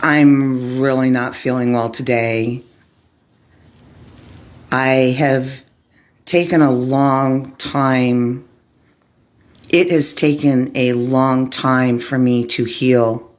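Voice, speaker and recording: A woman from Arizona giving an impassioned vlog monologue to camera, speaking slowly and deliberately in short, clipped lists. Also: very deep voice, a little mellow. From Arizona, USA. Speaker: vlogger, formerly homeless advocate.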